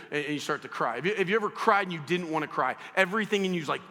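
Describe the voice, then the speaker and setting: A man delivers a sermon in a high, bright voice with a sharp, forceful edge. He speaks to the crowd directly and tells stories with lively energy. His voice carries a long reverb from a church hall. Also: racing. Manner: animated storytelling, addresses the audience directly. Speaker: pastor. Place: church auditorium.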